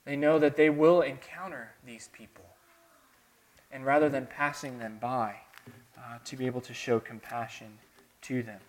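Southern pastor type, mid-pitched man, earnest sermon delivery with soft lows and emphatic builds. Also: fairly even intonation, moderate pace. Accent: Southern American. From American South. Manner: earnest, dramatic swings between soft and emphatic.

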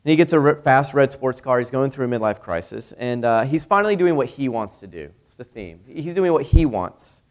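A man's voice: mid-range voice, expressive, fairly quick, hardly any pauses. A young male pastor giving a sermon in a conversational way, with many rhetorical questions.

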